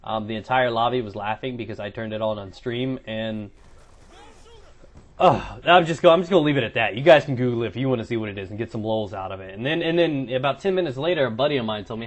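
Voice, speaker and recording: A man's voice: medium pitch, quick pace. Crude, rambling young gaming commentator, man. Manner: crude, joking and rambling, swears a lot. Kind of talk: casual gameplay commentary, story time.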